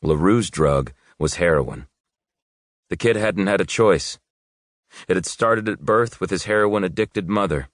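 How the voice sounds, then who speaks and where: A man reading a thriller audiobook in a steady, measured storytelling voice. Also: deep voice, dry recording, clean studio sound. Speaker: audiobook narrator. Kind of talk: scripted narration.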